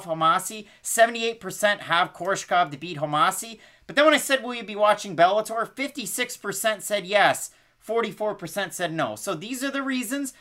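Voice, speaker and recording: A man's voice: high-pitched, bright, forceful tone. A man co-hosting a sports podcast in casual chat, upbeat and promotional, often putting questions to the audience. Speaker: podcast co-host.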